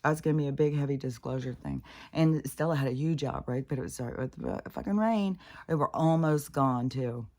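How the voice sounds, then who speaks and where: Low-voiced woman rambling on her vlog, all over the place, lots of swearing. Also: fairly quick, a little mellow. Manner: scattered, swears a lot. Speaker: spiritual vlogger. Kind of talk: casual rambling monologue.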